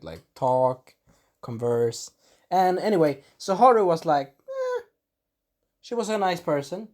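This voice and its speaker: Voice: medium pitch, a little mellow. An anime reviewer rambling through an episode recap in casual chat, swearing and acting out quotes.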